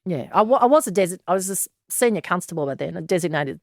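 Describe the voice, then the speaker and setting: A former police detective, an Australian woman in her sixties, gives a frank, blunt and earthy account of her story in an interview, with sighs and laughs. She talks fast in a lowish voice with lively intonation, recorded at studio quality with no room sound.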